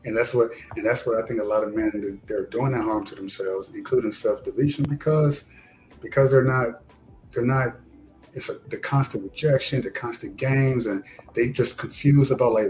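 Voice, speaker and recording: Soft background music plays under this low-quality recording of a Detroit man speaking at normal speed. As a discussion guest in casual conversation, he tells an animated story and voices quotes with a rising pitch.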